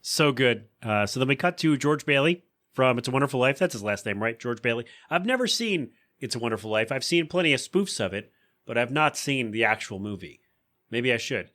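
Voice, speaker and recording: Man, podcast host, casual recap, bright tone, playful voices. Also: mid-range voice. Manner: chatty, acts out quoted lines in funny voices.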